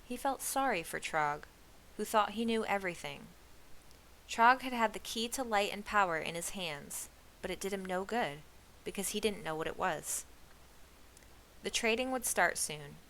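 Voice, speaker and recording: A woman reading a children's novel aloud in an expressive storybook style. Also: mid-range voice, normal speed, slight background noise. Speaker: reader of a children's book.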